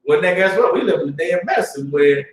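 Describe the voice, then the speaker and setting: A fast-talking, animated religious class teacher with a fairly high voice preaches in a streetwise, informal style, repeatedly asking "you understand?" and alternating quiet mutters with loud bursts. The mic is distant, the room echoes, and there's a bit of hiss or hum.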